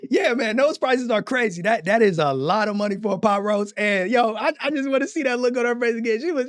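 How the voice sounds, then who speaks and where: A man's voice: extremely high pitch, fast talker, hardly any pauses, a little hiss or hum. A man giving casual, slangy reaction commentary on clips, laughing often as he talks.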